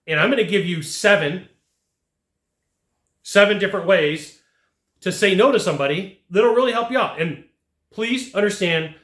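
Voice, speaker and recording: A man's voice: high voice, moderate pace, long pauses, a bit bright. Emphatic male sales trainer, echoey room. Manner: emphatic, repeats phrases for emphasis. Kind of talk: direct-to-camera sales lesson.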